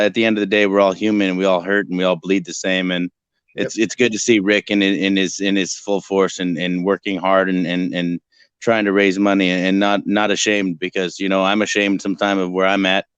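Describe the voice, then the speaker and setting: Low smooth guy rambling on a stream, crude jokes, dull dry sound. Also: level tone, normal speed, dry recording. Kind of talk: casual chat.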